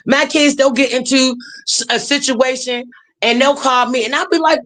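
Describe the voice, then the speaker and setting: A woman's voice: high-pitched, normal speed. Blunt, profane woman telling stories. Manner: blunt, profane, lively storyteller. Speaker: guest. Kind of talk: casual storytelling chat.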